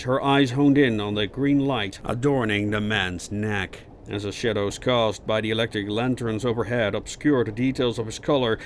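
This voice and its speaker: Male audiobook narrator, mid-range voice, measured dramatic delivery, faint background noise. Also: medium pitch. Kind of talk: scripted narration.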